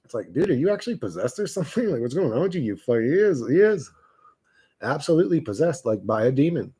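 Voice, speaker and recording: Husky, foul-mouthed man ranting. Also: mid-range voice, sing-song, fast talker, dark tone. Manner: profane, mocking, laughs often. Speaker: livestream host reading chat. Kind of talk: casual rant to a live chat.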